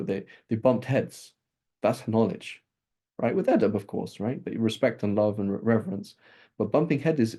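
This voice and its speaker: A man teaching a class on Islamic texts, talking in a lively, conversational way with frequent "right?" checks and restarts. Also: mid-range voice, breathy edge.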